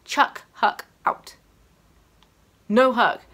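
A woman's voice: on the high side, drawn-out words, fairly bright tone, slight background noise. A woman giving casual, gushing and giggly commentary over her gameplay. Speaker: gaming YouTuber. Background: game music.

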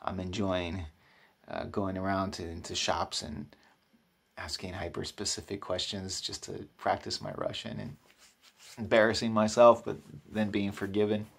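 Guy vlogging from his apartment, gravelly voice, chatty and joking about himself. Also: low voice, level tone, moderate pace. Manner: chatty and self-deprecating, with frequent restarts. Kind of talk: casual vlog storytelling. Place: new apartment.

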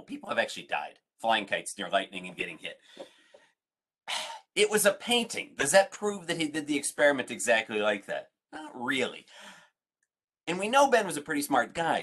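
A man's voice: medium pitch, fairly bright tone, husky. A man, a museum science educator, leading an online family science lesson, playful and full of questions for his audience.

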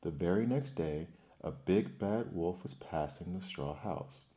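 Slow deep-voiced man reading ASMR bedtime stories. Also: highs cut off. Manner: soft, slow and soothing. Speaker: bedtime storyteller.

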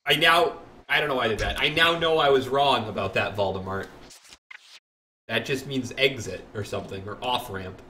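A man's voice: mid-range voice, moderate pace, a little hiss or hum. A young man streaming a classic game live, rambling, joking and mocking himself as he plays. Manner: animated, rambling, jokey, self-mocking. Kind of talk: live gameplay commentary.

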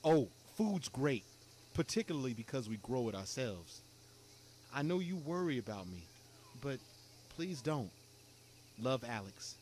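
An earnest young commune member. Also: male voice, medium pitch, big pitch swings, unhurried, pauses often, darkish tone, slight background noise. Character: young man writing home from a jungle commune. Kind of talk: game voice acting, letter read aloud.

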